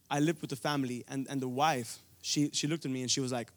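A man's voice: medium pitch, steady tone, fairly quick. A young man from India preaching a sermon, telling a personal story earnestly, with frequent restarts.

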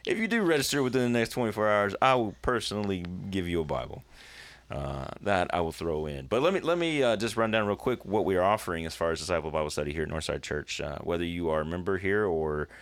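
A man co-hosting a church podcast in casual conversation, earnest and growing animated, laughing often. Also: low voice, fast talker, no room sound.

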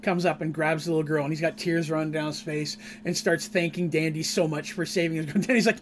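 A man recaps a tabletop adventure he ran, rambling and animated as he tells it. His voice sits somewhat high, with a faint hum under the recording. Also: fast. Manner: animated, rambling, laughs at his own story. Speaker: game master. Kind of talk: casual storytelling recap of a tabletop game.

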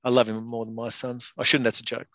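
A middle-aged former professional rugby player who now sits on a state rugby board talks bluntly and casually as an interview guest, swearing freely and calling everyone "mate." He speaks fast at a medium pitch with a level, slightly bright tone, recorded without echo.

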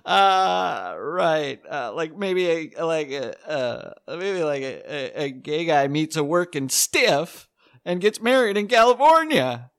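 Man, stand-up comic, rambling, hesitant, dry close sound, lively pitch. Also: slow, vocal fry, no room sound. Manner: hesitant, rambling, lots of fillers and nervous laughs. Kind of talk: awkward stand-up set.

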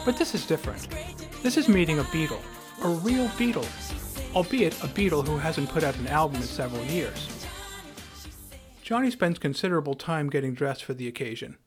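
A man's voice: a little high, animated, a little fast, over music. A man hosting a podcast, narrating a scripted story in a wry, dryly humorous way. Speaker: podcast host.

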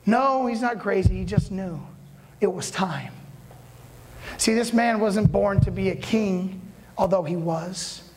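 A man preaching a sermon as a dramatic retelling, repeating words and building up to loud peaks. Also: high-pitched, a little slow, rough recording. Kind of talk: storytelling sermon.

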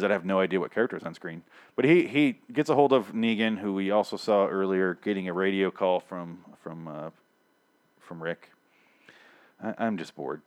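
A man with a somewhat low voice rambles through a casual episode recap. He swears freely, restarts his sentences and gets worked up as he talks. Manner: profane, rambling, animated. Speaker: TV show recapper.

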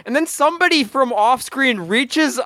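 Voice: high-pitched, expressive, normal speed, bright, forceful tone, dry recording. A podcast co-host recapping scenes in casual chat, with dry, wordy phrasing.

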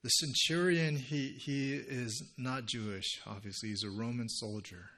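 A man delivers a sermon in an earnest, conversational manner. His voice sits at an everyday middle pitch. He often drops into a hushed, intimate register. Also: steady tone, unhurried. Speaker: pastor.

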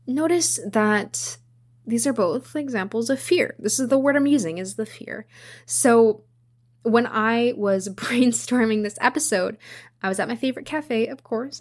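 A young woman hosting her own podcast, talking casually and rambling with many fillers and restarts. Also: on the high side. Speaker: podcast host. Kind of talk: casual solo podcast monologue.

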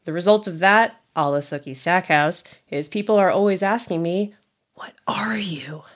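A woman's voice: on the low side, moderate pace. Jokey woman from California introducing herself. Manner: jokey, chatty. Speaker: podcast co-host. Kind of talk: casual podcast self-introduction.

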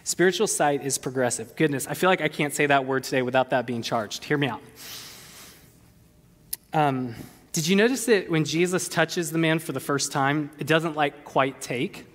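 A man preaching a sermon in a church, animated and conversational with playful asides. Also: fairly high pitch, normal speed. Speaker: pastor. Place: church sanctuary. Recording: long hall reverb.

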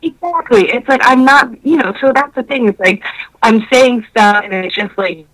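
A woman in casual podcast chat, loud and profane, retelling a date with many fillers and acting out both sides of the conversation. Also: a little high, moderate pace, poor audio. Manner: animated storytelling that acts out both sides of a conversation.

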